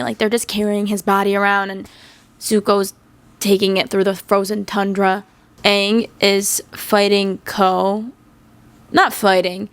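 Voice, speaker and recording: A young woman hosting her channel offers casual fan commentary on a cartoon show, ranting animatedly with exasperated jokes. Her voice is mid-range and the recording is dry.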